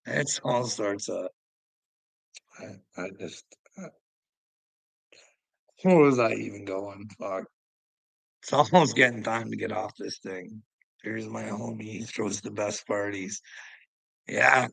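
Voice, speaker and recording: Rambling man with a gravelly, husky voice. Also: on the low side, takes it slowly, pauses often, fairly bright tone, dry recording, rough recording. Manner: laughs often, swears, rambles and addresses viewers. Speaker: livestream host. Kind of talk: rambling casual livestream chat.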